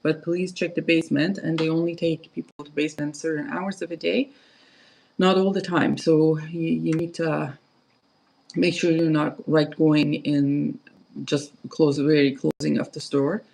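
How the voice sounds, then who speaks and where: A woman's voice: sits low, flat delivery, moderate pace, gravelly, a little mellow, poor audio. A woman hosting a casual perfume livestream, rambling and chatty with lots of fillers and restarts. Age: adult, parent of kids.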